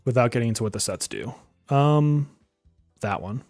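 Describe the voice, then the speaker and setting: A man's voice: medium pitch, animated, moderate pace, a little mellow, no echo, studio quality, faint music behind. A man streaming a game live, joking and exasperated, often swearing and laughing as he talks to his viewers. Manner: talks to chat viewers directly. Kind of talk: live-stream gaming commentary.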